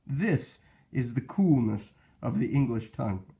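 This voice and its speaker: A man's voice: mid-range voice, animated, unhurried, creaky, warm tone. A man hosting a video, giving casual, dryly amused commentary. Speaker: video host.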